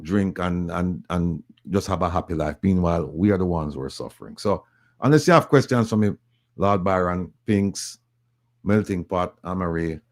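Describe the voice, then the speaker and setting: A man with a Jamaican accent speaking as an activist in an online group audio chat, urging listeners with emphatic repetition. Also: sits low.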